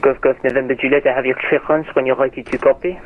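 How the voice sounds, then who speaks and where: Atc guy rattling off clearances fast, thin phone-like radio sound. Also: mid-range voice, little pitch movement, a little hiss or hum. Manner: quick procedural radio phrasing. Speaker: air traffic controller. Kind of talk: radio air traffic control. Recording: tinny radio over a narrow band.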